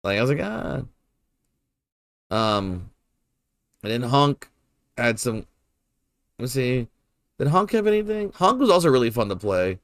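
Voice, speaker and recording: Animated, swearing young man streaming games. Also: mid-range voice, moderate pace, long pauses, smooth, dry recording, clean studio sound. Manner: rambling, swears freely, laughs often. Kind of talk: casual gameplay commentary.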